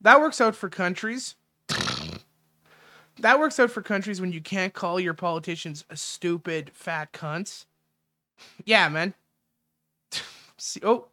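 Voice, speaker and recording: A man's voice: high voice, bright, forceful tone, dry recording. A man hosting his own show, ranting in a crude, sarcastic, rambling way into a studio mic. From Canada. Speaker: podcast host. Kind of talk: casual solo rant. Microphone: studio mic with windscreen.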